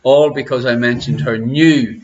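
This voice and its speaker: A man's voice: medium pitch, steady tone, measured pace, slight background noise. An Irish man hosting an online quiz show from his living room, chatting and teasing viewers as he greets them by name. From Ireland. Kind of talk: casual live-stream chat. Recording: lo-fi home stream audio.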